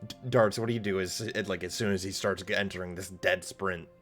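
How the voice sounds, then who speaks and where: A man narrating as game master of a tabletop game, halting, with many pauses and fillers. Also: low voice, fairly even intonation, faint music behind.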